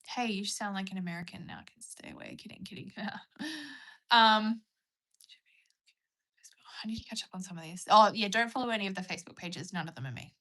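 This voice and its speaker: A woman's voice: mid-range voice, bright, forceful tone. A young woman with a rural Australian accent chatting casually on a live stream, reading comments and rambling, now and then dropping to a whisper. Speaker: livestreamer.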